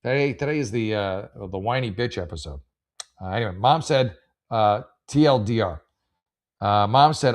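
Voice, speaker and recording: A man's voice: fairly low pitch, expressive, normal speed. A man hosting a casual advice show, blunt and sarcastic, rambling with lots of fillers and restarts. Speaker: host giving advice.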